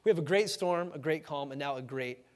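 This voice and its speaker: A man preaching a sermon in a lively, conversational way, acting out the voices in the story with sudden shouts. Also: a little high, brisk. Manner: animated, conversational, acts out quoted voices with shouts. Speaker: pastor. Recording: hall reverb.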